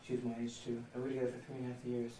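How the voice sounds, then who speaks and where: Flat-voiced, deadpan young man. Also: mid-range voice, rapid-fire. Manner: deadpan joking. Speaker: interviewee. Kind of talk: casual chat. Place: indoors in a house. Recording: roomy, distant, noisy 1990 home video.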